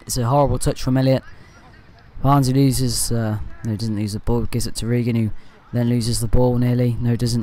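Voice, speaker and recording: A man giving a rambling, partisan amateur voice-over commentary on his team's football match, often saying "anyway" to move on. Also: medium pitch. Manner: partisan, with excited bursts at good play. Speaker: fan channel commentator.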